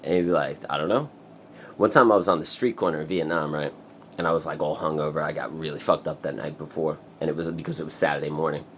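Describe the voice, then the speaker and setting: A man's voice: steady tone, fast talker, a little hiss or hum. A man talking in a rambling, profane casual monologue for his vlog. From United States. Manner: profane, rambling, breaks into loud high singing. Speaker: vlogger.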